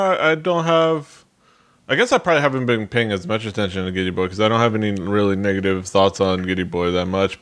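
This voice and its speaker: A man with a very low, deep voice chats loosely on a music podcast. He rambles, trips over his words and circles back with plenty of uh's and likes. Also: fairly bright tone. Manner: rambling, lots of fillers and restarts. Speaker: podcast co-host. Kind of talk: casual chat about music.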